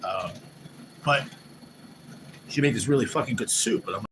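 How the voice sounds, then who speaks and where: A man hosting a live stream, chatting casually and excitably, swearing loosely and often mimicking what others said. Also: mid-range voice, normal speed. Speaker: livestream host. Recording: noisy background hum.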